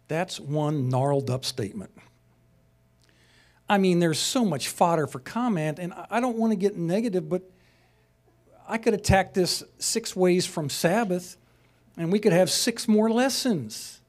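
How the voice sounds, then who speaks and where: A man's voice: high voice, unhurried, long pauses. A man teaching a sermon-style lesson, conversational and passionate, rising to emphatic peaks. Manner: conversational asides, chuckles.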